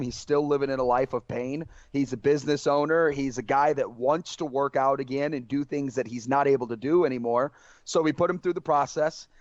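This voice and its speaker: On a casual podcast, a male guest with a medium-pitched, darkish voice tells earnest stories, acting out quoted dialogue and repeatedly saying "guys." The audio is dry, dull, and lo-fi.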